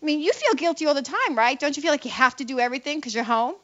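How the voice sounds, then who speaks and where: A woman hosting a talk radio show, brash and opinionated, firing off quick asides to her co-host and listeners. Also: high voice, lively intonation. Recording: dull lo-fi radio broadcast.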